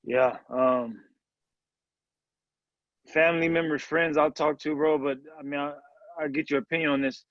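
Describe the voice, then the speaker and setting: A man calling in for coaching, talking in a hesitant, halting way. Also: fairly high pitch, steady tone, a bit bright, no room sound, muffled recording. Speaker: caller.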